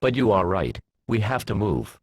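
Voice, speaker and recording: A man's voice: fairly low pitch, big pitch swings, moderate pace, breathy edge, dry recording. A dry, sarcastic unicorn mage, as a man reads her.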